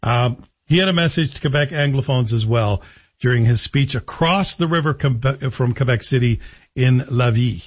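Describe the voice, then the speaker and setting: Middle-aged man, talk radio host, sarcastic opinion monologue, husky voice, slightly high, dull lo-fi audio. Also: normal speed. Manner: sarcastic, joking asides.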